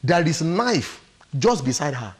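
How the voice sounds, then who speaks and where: A man's voice: a little high, sing-song, unhurried. A man with a Nigerian English accent, giving emphatic relationship advice on a studio talk show. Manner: emphatic, acts out quotes, laughs often. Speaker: studio guest counsellor.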